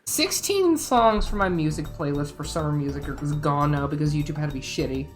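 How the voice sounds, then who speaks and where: Giggly woman streamer with a lively voice. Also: low-pitched, fairly quick, faint music behind. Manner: giggly and excitable, laughs often. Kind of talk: casual chat.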